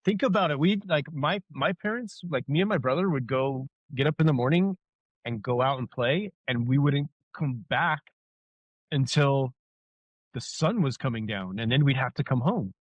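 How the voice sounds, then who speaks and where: A man in his thirties from Southern California, co-hosting a casual podcast and telling nostalgic stories with lively voiced quotes. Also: mid-range voice, normal speed, no echo. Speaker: podcast co-host. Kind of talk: casual chat. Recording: dull, dry podcast audio.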